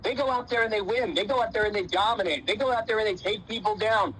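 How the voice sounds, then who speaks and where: A man with a fairly high voice talks to his wrestlers like a laid-back coach. He tells a fable in a loose, slangy way, with dude and man thrown in, and stops to quiz the boys. A little noise sits faintly behind him. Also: fast talker, hardly any pauses, a bit bright, poor audio. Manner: folksy, uses dude and man, voices characters casually. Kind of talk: motivational storytelling talk.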